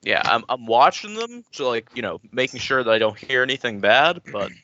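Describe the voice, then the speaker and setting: A man playing a tabletop game with friends, making wry, deadpan jokes. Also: mid-range voice, brisk. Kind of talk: casual chat in character. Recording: muffled lo-fi audio.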